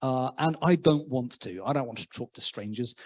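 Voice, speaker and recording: An English man preaching a conversational sermon in church, self-deprecating and humorous, with frequent halting restarts. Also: medium pitch, a little mellow.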